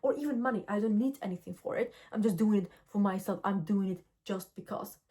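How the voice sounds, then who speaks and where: Young woman, vlogger, casual motivational talk, earnest, direct, middle pitch. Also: a little fast. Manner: earnest, direct, lively storytelling.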